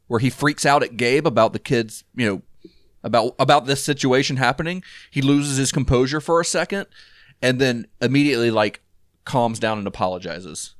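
A man's voice: medium pitch, normal speed, no room sound, studio quality. A man co-hosting a casual film talk, rambling with lots of fillers and restarts. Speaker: podcast co-host.

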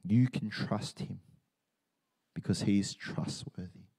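A middle-aged Australian man preaching a sermon, telling stories in a joking, animated way. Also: on the low side, slow pace, gravelly, breathy edge. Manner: animated, joking storytelling with laughs. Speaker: pastor.

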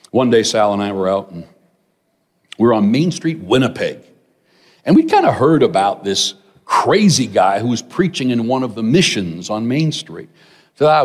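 A middle-aged man preaching a sermon, telling a personal story with animated asides to the congregation. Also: medium pitch. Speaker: pastor. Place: large church hall. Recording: long hall reverb.

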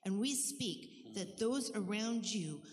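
A woman leading a spoken prayer declaration, calm and measured. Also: mid-range voice, in a large hall. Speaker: pastor's wife leading prayer.

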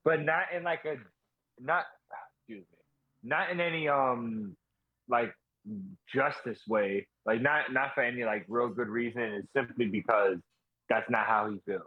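A man's voice: medium pitch, a little slow, a little hiss or hum. A man co-hosting a casual podcast, talking loosely with many fillers and restarts. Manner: loose, rambling, lots of fillers. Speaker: podcast co-host. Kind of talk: casual chat over call. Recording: dull, lo-fi dry mic.

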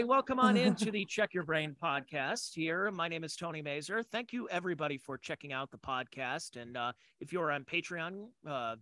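A man's voice: a little high, bright, forceful tone, no room sound. A man hosting a casual podcast interview, eager and rambling as he sets up questions. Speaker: podcast host.

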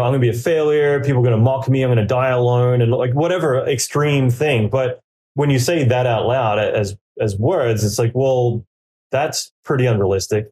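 A man's voice: mid-range voice, mellow, slightly rough. A man on an interview podcast giving career advice in a casual, rambling way, full of fillers and acted-out quotes of what people say to themselves. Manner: rambling, filler-heavy, acts out quoted inner dialogue.

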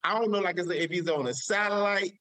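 A man's voice: high-pitched, fast talker, bright, forceful tone, dry recording. A man hosting a live show, emotional and preacher-like, repeating his phrases for emphasis. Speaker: show host.

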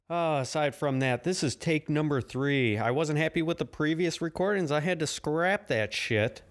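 A man's voice: a little high, normal speed, hardly any pauses. Griping man hosting a solo podcast. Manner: griping, profane, self-deprecating. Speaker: podcast host. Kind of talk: casual solo podcast rant.

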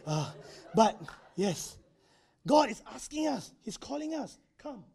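A man's voice: extremely high pitch, big pitch swings, slow pace, gravelly, warm tone. A male preacher, giving a conversational sermon in a church, acting out quotes and using tag particles.

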